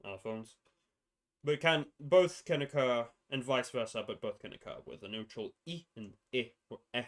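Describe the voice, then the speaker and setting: A man's voice: mid-range voice, moderate pace. A young man casually explaining a constructed language's sound rules on a livestream, rambling and correcting himself as he goes. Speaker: streamer presenting a constructed language.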